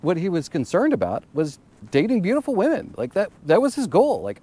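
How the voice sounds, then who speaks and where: Halting, earnest motivational man. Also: high-pitched, huge pitch swings, mellow, breathy edge. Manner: halting, repeats words while searching for them. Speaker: motivational vlogger. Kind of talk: casual motivational monologue.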